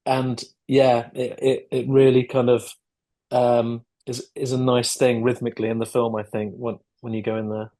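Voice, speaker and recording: A man chats as a podcast guest over a video call, thinking aloud with hesitant restarts and the odd throat clear. His voice sits at a middle pitch for a man. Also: flat delivery, moderate pace, mellow. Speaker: guest filmmaker and actor. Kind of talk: casual interview chat.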